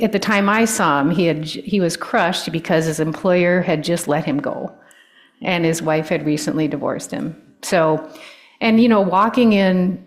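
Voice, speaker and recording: A woman, an older guest speaker giving a personal talk with stories, often pausing with ums and restarting sentences. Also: lowish voice. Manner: warm storytelling, with frequent ums and restarts.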